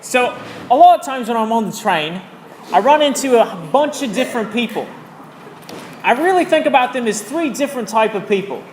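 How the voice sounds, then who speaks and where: A teacher telling a classroom story in a deliberately bad put-on British accent that drifts toward Australian, with an exaggerated, sing-song, self-mocking delivery. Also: medium pitch, lively intonation, voice pushed up, natural voice. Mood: playful. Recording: echoey classroom, faint background noise.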